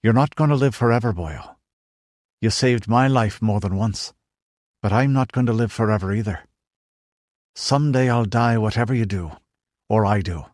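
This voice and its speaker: A man voicing a wounded young leader, weak from injury but steady and resolute. He speaks quietly in a low, dry voice. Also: moderate pace, pauses often, no room sound, close to an everyday voice. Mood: weary, firm. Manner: quiet, weary, firm.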